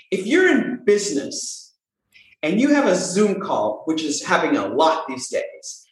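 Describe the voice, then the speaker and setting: Woman voice coach, lively swooping delivery, heavy room echo. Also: fairly low pitch. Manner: animated, playful, emphatic repetition. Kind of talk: casual interview talk. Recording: very echoey room.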